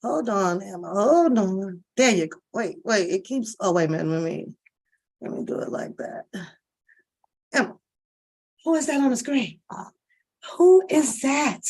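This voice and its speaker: A woman's voice: mid-range voice, very animated, measured pace, pauses often, darkish tone, slightly rough. An older woman, a grandmother, playing with a toddler and teasing her with mock cries and dramatic complaints. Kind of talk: playful baby talk.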